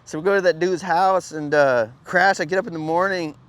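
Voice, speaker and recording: A man's voice: fairly high pitch, fairly even intonation, a little fast, a bit bright. Laid-back, profane man telling a story. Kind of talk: casual spoken anecdote.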